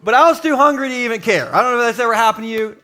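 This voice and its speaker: A middle-aged man, a pastor, preaching a jokey, animated sermon to a live congregation in a church. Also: extremely high pitch, rapid-fire. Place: church sanctuary with live audience.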